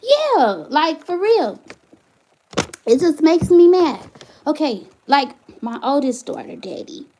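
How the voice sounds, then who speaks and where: A single mother hosting her channel vents passionately on a livestream, her high voice swinging widely as she fires off rhetorical question after rhetorical question. She reads viewer comments aloud between outbursts, speaking slowly with a warm tone.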